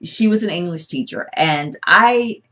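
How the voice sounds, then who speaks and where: A woman beauty vlogger talking casually and at length while testing makeup, chatty and rambling, and animated. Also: lowish voice, measured pace. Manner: chatty, rambling, animated, talks with her hands. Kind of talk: casual product-testing vlog.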